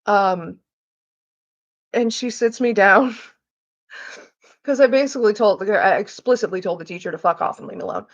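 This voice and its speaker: A woman's voice: mid-range voice, expressive, normal speed, long pauses, dull audio. A woman chatting casually while she cooks, swearing freely and acting out the people she quotes. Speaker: vlogger. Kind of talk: casual storytelling while cooking. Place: home kitchen.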